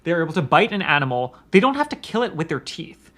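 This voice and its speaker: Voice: medium pitch, very animated, quick pace, fairly bright tone. A co-host in their late twenties on a book podcast, explaining animal facts and trading nerdy references. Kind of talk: casual podcast chat about a book.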